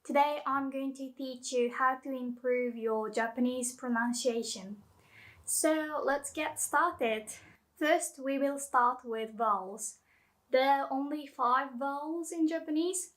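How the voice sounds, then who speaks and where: A woman's voice: sits high, takes it slowly, fairly bright tone. A woman teaching Japanese pronunciation in a chatty video lesson, explaining with English word examples.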